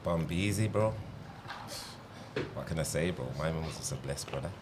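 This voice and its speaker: Very deep mumbling man. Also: moderate pace, heavy background noise. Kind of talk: casual chat.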